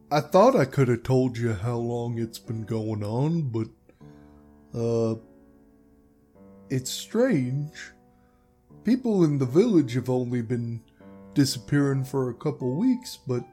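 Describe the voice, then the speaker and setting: A man's voice: medium pitch, warm tone. A man voicing a friendly, hospitable male animal villager in a tabletop game who speaks in a folksy way.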